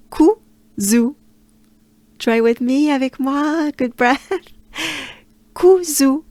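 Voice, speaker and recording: A woman from France with a French accent, teaching pronunciation by slowly repeating syllables and leading the listener through them. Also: fairly high pitch, darkish tone, no room sound. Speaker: pronunciation coach. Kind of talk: slow, drilled pronunciation lesson.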